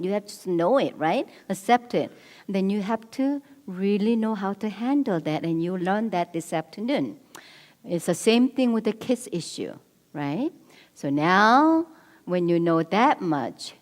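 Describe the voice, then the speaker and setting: A woman's voice: on the low side, a little mellow. A middle-aged woman speaking at a church marriage seminar, earnest and coaching, repeating her key points. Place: church hall. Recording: long reverb of a church hall.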